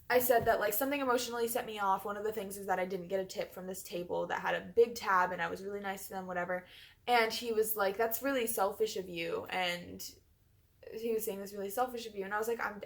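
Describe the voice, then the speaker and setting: A woman's voice: medium pitch, fairly bright tone. A young woman telling a personal story in a chatty vlog, full of fillers. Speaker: vlogger.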